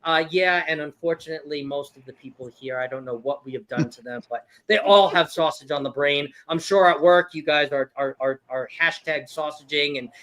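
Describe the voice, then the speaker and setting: A man's voice: fairly high pitch, fairly quick, few pauses, a bit bright. A man hosting a casual live-stream game show, laughing often and reading viewer chat aloud.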